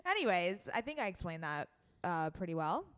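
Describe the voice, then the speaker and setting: A woman's voice: lowish voice, very animated, moderate pace, a bit bright. A young woman co-hosting a podcast in casual chat, rambling and self-mocking, often laughing. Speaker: podcast co-host.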